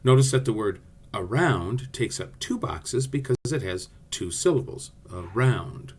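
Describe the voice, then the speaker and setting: Lively male theatre teacher. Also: mid-range voice, moderate pace, husky. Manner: friendly, explanatory, addresses students directly. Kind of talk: class video lesson.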